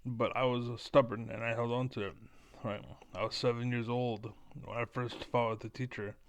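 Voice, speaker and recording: A man talking casually to camera in a rambling, blunt and self-assured way, with a smooth voice. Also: mid-range voice, dry recording. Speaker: online commentator.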